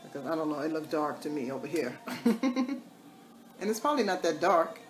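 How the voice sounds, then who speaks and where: A woman's voice: deep voice, animated, fast talker, reverberant, soft background music. Chatty woman doing a makeup tutorial. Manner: chatty, repeats catchphrases in a sing-song way. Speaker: makeup vlogger. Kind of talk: casual makeup tutorial, live-streamed.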